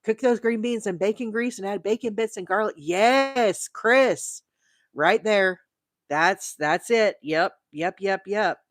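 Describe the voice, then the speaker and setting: A woman from Arizona hosting a crochet livestream, rambling chattily and reading out viewer comments, with bursts of high, excited emphasis. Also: takes it slowly, no echo. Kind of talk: casual live-stream chat.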